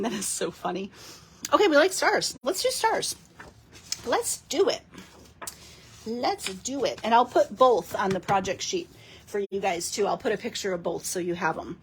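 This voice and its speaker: A woman's voice: fairly high pitch, husky. A woman hosting a casual live card-making demo, chatting and giggling with her viewers as she works.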